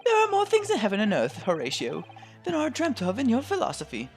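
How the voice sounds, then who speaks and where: A man's voice: extremely high pitch, wildly swooping pitch, brisk, voice pushed up, full character voice. A man voicing a theatrical male lodger in a game who speaks in archaic, declaiming verse. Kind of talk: fan voice-over of a game. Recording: faint music behind.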